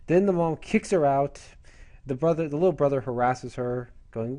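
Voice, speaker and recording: A man recaps a comic chapter in a rambling, chatty review. His tone is mellow and his pitch moves in a lively way. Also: normal speed.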